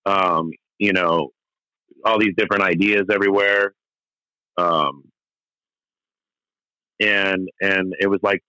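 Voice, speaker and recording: Middle-aged male musician guest, candid and rambling, low-ish bright tense voice, dry close recording. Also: steady tone, unhurried, pauses often, clear, resonant tone, dry recording, poor audio. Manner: rambling, many restarts and fillers, candid and profane. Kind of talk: casual storytelling interview.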